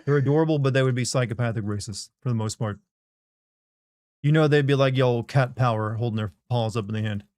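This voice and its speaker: A man's voice: mid-range voice, fast talker, a little mellow, dry recording, studio quality. A man chatting casually on a live game stream, reading out viewer questions and commenting on his pet in a laid-back, rambling way.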